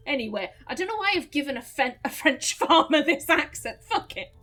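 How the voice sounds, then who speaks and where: A woman's voice: high voice, sing-song, moderate pace, fairly bright tone, soft background music. A woman hosting a game let's play, joking and chatty, swearing casually.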